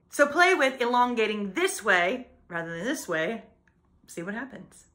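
Bright high-voiced woman vocal coach. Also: lively intonation, normal speed. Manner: explains technique plainly, then sings short demo lines. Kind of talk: singing lesson with sung demonstrations.

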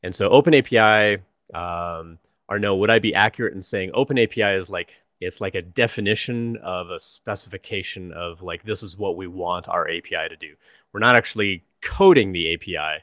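A man from the United States hosts a casual live stream over a video call. His voice sits low, and he chats in a friendly way with frequent fillers. The sound is dry and close. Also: a little fast, fairly bright tone, no room sound. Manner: friendly, chatty, many fillers. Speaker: host, developer advocate.

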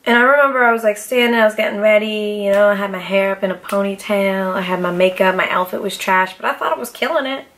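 A young woman hosting a podcast, telling a story in a casual, profane and animated way, with dramatic outbursts. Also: mid-range voice, fast talker, hardly any pauses, slight background noise. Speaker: podcast host.

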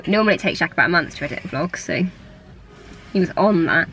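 A woman's voice: fairly low pitch, expressive, fast, fairly bright tone, faint music behind, rough recording. A young English woman chatting casually to camera in a vlog, rambling and giggly. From England. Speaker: vlogger.

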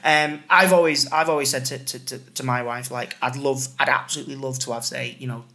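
Bright-voiced rambling male podcast host. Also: mid-range voice, fairly even intonation, brisk. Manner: rambling, repeats words while finding his point. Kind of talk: casual chat.

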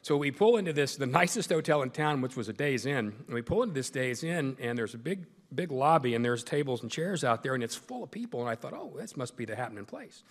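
A man's voice: medium pitch, lively intonation, fast talker, few pauses, in a large hall. A man giving a humorous storytelling speech as a guest speaker, full of self-deprecating jokes. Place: large meeting hall.

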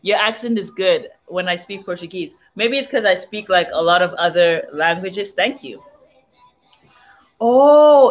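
A young woman from southern Africa chats in an unhurried, easygoing way, as a vlogger talking to her viewers. She plays with words, sounding out foreign phrases slowly and repeating them. Faint music plays softly behind her voice. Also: on the low side, expressive. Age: young adult. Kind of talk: casual livestream chat. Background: faint music playing.

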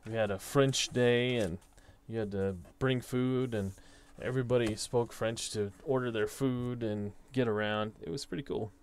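A man's voice: medium pitch, fairly even intonation, normal speed, few pauses. A young man casually talking through his tabletop soccer simulation, thinking aloud as he reads off dice results. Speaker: tabletop soccer sim host. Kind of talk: casual solo commentary.

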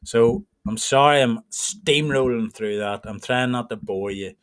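A man's voice: medium pitch, a little slow, fairly bright tone, dry recording, studio quality. A man with an Irish accent, a trading mentor who walks new members through his group in a rambling, informal way. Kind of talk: casual screen-share walkthrough.

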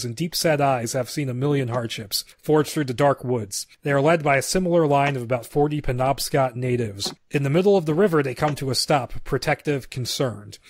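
A man's voice: medium pitch, dry recording. Man reading a script aloud, dry sound. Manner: reads screenplay narration with stumbles and asides. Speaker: podcast co-host. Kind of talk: casual chat and script read-aloud.

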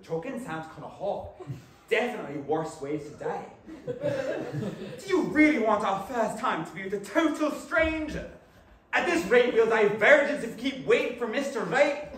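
Animated young Irish man performing on stage. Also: extremely high pitch. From West of Ireland. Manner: animated, switching between rapid inner voices, exclaiming. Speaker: actor. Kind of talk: comic stage monologue. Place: theatre stage. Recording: echoey live stage recording from far off, noisy.

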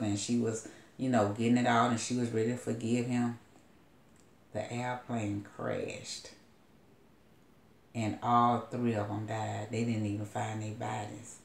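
Woman preacher with a gravelly, creaky voice, rambling storyteller, roomy echo. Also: rumbling low, a little mellow. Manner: loose rambling storytelling with asides. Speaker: prophetess. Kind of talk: retelling a story as a sermon.

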